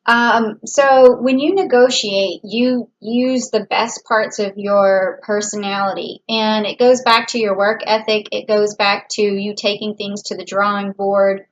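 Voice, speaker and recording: A woman's voice: medium pitch, steady tone, measured pace, few pauses. A woman giving a casual tarot reading, talking in a chatty, rambling way with many fillers and restarts. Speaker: tarot reader. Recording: dull lo-fi audio.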